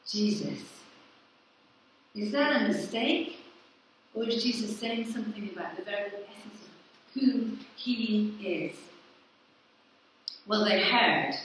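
A woman vicar preaches in a large church hall, posing questions to the congregation and answering them herself. Her fairly high voice is expressive and a little slow, with long pauses, and she's recorded from a distance in an echoey space with slight hiss or hum.

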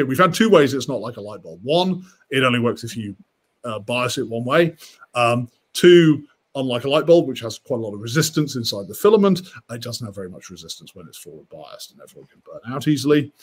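A man's voice: medium pitch, sing-song, a little fast, breathy edge. A man explaining electronics as a guest on a live stream, thinking aloud with many fillers and restarts. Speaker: guest engineer.

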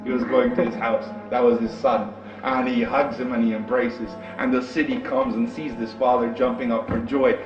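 A man's voice: mid-range voice, little pitch movement, normal speed, echoey room. A male preacher tells a story in short, punchy, dramatic sentences. His voice sounds distant and muffled, with music playing under it. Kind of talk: storytelling sermon.

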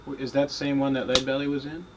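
A man asking brief, quiet questions as an interviewer. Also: medium pitch, completely flat delivery, fast talker, background noise. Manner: quiet, brief prompts and murmured agreement. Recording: dull lo-fi tape, off-mic.

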